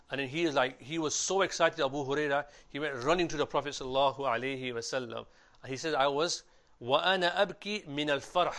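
A male preacher speaks quickly, with a voice of middle pitch. He tells a story with quoted dialogue and breaks into recited Arabic. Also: a bit bright. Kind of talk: sermon storytelling.

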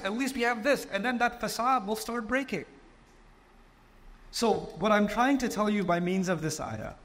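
Impassioned high-voiced male preacher. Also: fairly bright tone. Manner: impassioned, rhetorical repetition. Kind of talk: sermon. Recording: long hall reverb.

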